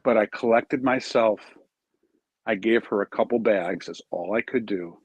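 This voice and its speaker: Husky man telling a story. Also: lowish voice, normal speed, no room sound. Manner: earnest, animated storyteller, acts out quoted dialogue. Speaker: charity founder, interview guest. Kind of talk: storytelling in an interview.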